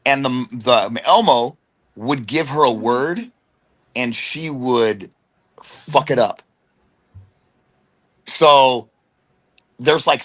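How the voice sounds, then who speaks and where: A middle-aged man from the United States, a wrestler guest telling stories in an animated, slangy way and slipping into quick impressions. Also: medium pitch. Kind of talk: casual storytelling chat.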